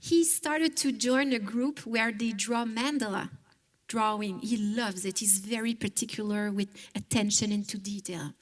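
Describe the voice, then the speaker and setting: A woman clinician giving a conference talk. She tells a case story in a lively way, with slightly non-native phrasing. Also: medium pitch, unhurried.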